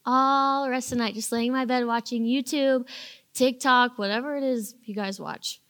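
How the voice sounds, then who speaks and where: A young woman with a slightly high voice tells a relatable story to a room of teens. She speaks casually and with animation, dropping into short acted-out lines along the way. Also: moderate pace. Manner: animated, acts out little quoted lines. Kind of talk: casual storytelling talk to a youth audience.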